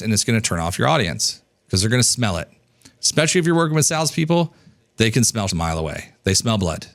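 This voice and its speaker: An animated man in his thirties coaches an audience in a loose, conversational way. His pitch sits in the middle of the usual male range, and he breaks into livelier, higher-pitched voices when he acts out how people talk. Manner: animated, acts out dialogue in a higher voice, casual swearing. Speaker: business coach. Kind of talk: energetic casual teaching.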